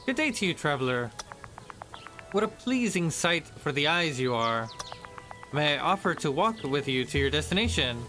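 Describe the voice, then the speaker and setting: A man voicing a smooth-talking male lutin forest sprite in a tabletop-style game, overly polite and ingratiating. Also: a little high, very animated, moderate pace, sharp tone, soft background music. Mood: flattering.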